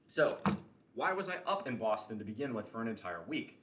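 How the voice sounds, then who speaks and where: A man talking casually on his livestream, opinionated and rambling, with plenty of fillers and restarted sentences. His voice sits at an ordinary middle pitch. The room around him gives a noticeable echo. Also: very animated, brisk, noisy background. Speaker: podcast host.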